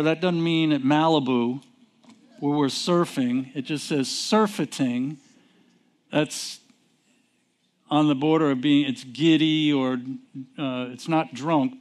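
A man preaching a sermon, teaching from scripture and tossing questions to the congregation before giving the answers himself. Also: fairly high pitch. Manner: call-and-response questions, drawn-out emphasis. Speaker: pastor.

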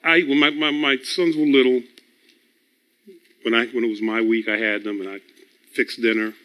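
A man's voice: medium pitch, fairly even intonation, moderate pace, sharp tone. A man preaching a conversational sermon, telling personal stories in a teaching tone, chuckling often and repeating words as he builds toward a point. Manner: storytelling, teaching tone.

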